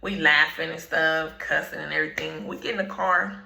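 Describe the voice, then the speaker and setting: A woman telling a personal story in slangy, laid-back storytime talk, often clearing her throat. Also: deep voice, fairly even intonation, moderate pace, pushed and bright, reverberant, low-quality recording. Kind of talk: casual storytime.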